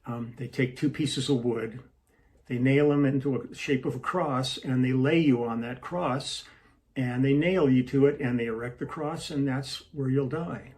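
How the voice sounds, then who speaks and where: A man doing a quiet, solemn fatherly God. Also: mid-range voice, a little slow, close to an everyday voice. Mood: grave.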